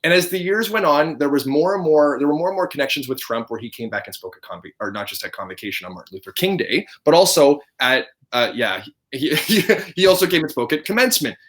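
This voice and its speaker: A man in his thirties telling a story in casual chat as a podcast host, animated and laughing often. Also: fairly high pitch, fast talker, few pauses.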